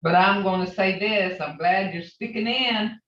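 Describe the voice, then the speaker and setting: A woman teaching an online language class, talking slowly and patiently and repeating phrases for practice. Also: medium pitch, a bit bright. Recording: roomy, distant, dull lo-fi sound.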